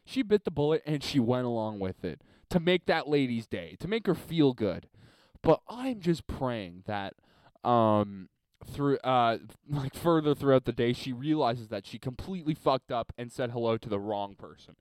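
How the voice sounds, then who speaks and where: A man rambles through a solo podcast story, swearing freely and chuckling at himself. His voice is smooth and clean, and his pitch rises and falls a lot. The sound is close and dry, with no room around it. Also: big pitch swings, normal speed, darkish tone, no room sound. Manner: rambling, profane, laughs at his own story. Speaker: podcast host.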